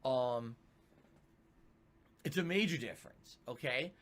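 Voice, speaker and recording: A man's voice: medium pitch, animated, slow pace, a bit bright. A male streamer talking to his chat in an emphatic, self-justifying way.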